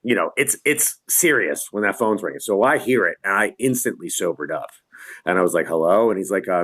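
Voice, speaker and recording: Middle-aged male guest, animated raconteur, wide-ranging voice, video call from home. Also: sits low, quick pace. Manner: animated storyteller, acts out quotes, laughs often. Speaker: guest lighting designer. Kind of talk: casual storytelling. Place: his home.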